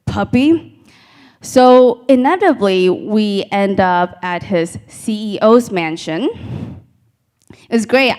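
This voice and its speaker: A woman performing a stand-up comedy set on a live stage, telling deadpan stories and talking to the crowd. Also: medium pitch, clear, resonant tone. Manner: deadpan storytelling with crowd asides.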